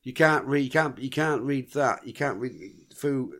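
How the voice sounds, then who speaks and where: A British man co-hosting a podcast in casual chat, blunt and skeptical, swearing and chiming in with quick agreement. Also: medium pitch, a bit bright. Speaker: podcast co-host.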